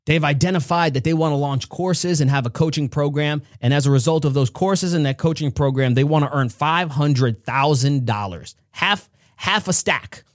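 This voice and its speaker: A man's voice: a little high, dry recording, studio quality. Emphatic motivational male podcast host. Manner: emphatic storytelling, speeds up and slows. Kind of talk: motivational monologue.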